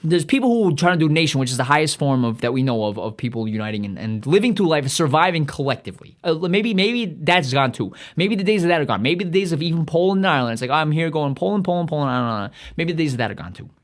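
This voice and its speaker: Fast-talking, swearing podcast man. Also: on the high side. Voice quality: stuffy nose. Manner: excitable, swears constantly, trails off and restarts. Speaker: podcast host. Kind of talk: profane rambling monologue.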